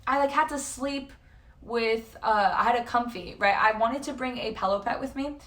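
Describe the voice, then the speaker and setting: A woman's voice: fairly high pitch, normal speed, fairly bright tone, distant mic. Rambling young woman streamer, echoey and off-mic. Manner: rambling, swears freely, jumps between tangents. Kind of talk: casual live-stream chat. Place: hotel room. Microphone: facecam at a distance.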